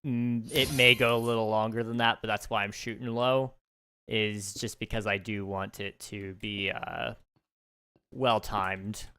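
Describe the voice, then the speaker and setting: A young man live-streaming a game, chatting casually with viewers, relaxed and thinking aloud with fillers and small laughs. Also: on the low side, measured pace, a little hiss or hum. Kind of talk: casual live-stream chat while gaming.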